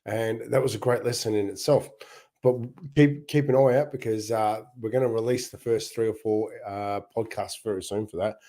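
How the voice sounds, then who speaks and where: A man's voice: fairly low pitch, steady tone, normal speed, mellow. A middle-aged Australian man hosting a casual livestream, telling upbeat stories with frequent laughs and restarts. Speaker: not-for-profit founder and livestream host.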